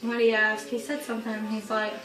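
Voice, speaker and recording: A young woman telling a story in a casual, animated way, laughing and acting out the voices. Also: on the high side, brisk. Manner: animated, laughing, acts out every voice. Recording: echoey room, mic far off, background noise.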